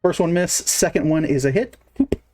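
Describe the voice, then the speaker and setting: A man's voice: fairly high pitch, expressive, moderate pace, darkish tone, faint music behind. A man narrating as game master in a casual, filler-heavy way, counting moves aloud.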